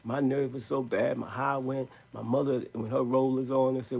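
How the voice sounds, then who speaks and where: Gravelly man telling a rambling story. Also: medium pitch, little pitch movement, normal speed, a little mellow. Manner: rambling, emphatic street-slang storytelling. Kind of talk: live storytelling stream.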